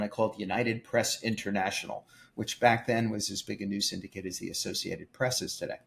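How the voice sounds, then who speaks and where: Animated older man telling his story. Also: on the low side, gravelly. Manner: emphatic, acts out quoted voices. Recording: faint music behind.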